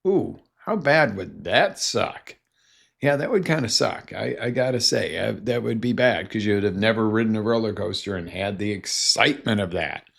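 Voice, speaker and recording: Life coach guy w a gravelly voice, gets really animated, acts out little scenes. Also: lowish voice, moderate pace. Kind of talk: motivational live talk.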